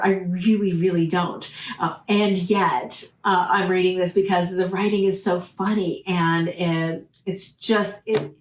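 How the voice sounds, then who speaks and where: A woman's voice: mid-range voice, slight background noise. Chatty woman book vlogger in an echoey room. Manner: chatty, animated, frequent restarts and "uh". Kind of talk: casual chat to camera.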